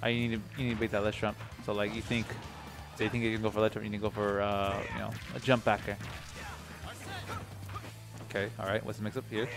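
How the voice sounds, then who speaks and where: A young man commentating a live video game tournament, excitable, laughing often and repeating himself, his voice tired and low. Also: brisk, long pauses. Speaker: esports commentator. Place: gaming tournament at a sports center. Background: music.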